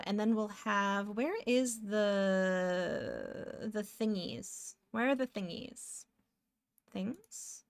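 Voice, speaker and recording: A woman's voice: mid-range voice, gravelly. A woman from Canada, chatting casually with viewers while drawing, giggly and talking to herself as she works. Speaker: streamer.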